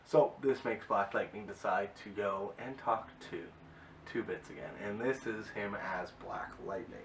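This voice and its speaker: A man's voice: lowish voice, unhurried, a bit bright. A man casually recapping and reviewing a TV episode, rambling with many fillers and open enthusiasm. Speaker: video reviewer. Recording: distant mic with faint hiss.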